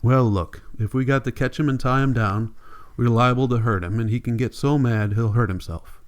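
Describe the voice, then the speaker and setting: A man reading the part of a calm, practical young farm man in a level, low rural drawl. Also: moderate pace, close to an everyday voice.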